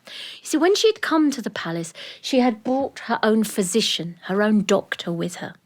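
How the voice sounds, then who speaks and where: A woman's voice: medium pitch, very animated, moderate pace. A woman storyteller telling a folk tale aloud with playful asides.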